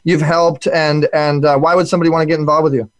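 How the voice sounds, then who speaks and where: A man's voice: on the high side, flat delivery, fast talker. A man co-hosting a talk show, asking rambling questions in a playful, teasing way. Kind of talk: casual interview talk.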